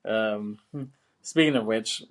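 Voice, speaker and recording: A film podcast co-host chats casually, laughing often, swearing freely and saying "you know what I'm saying" a lot. His voice is lowish and he takes it slowly.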